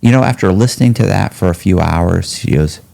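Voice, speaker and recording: A man's voice: low-pitched, brisk, vocal fry. A middle-aged man telling a long personal story as a podcast guest, acting out the voices of the people he quotes. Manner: animated storyteller who acts out quoted voices.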